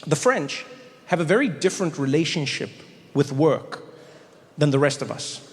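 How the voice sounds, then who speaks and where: A male stand-up comedian telling a travel story on stage, animated and quick to jump into high quoted voices, on a handheld mic. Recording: long hall reverb, faint noise.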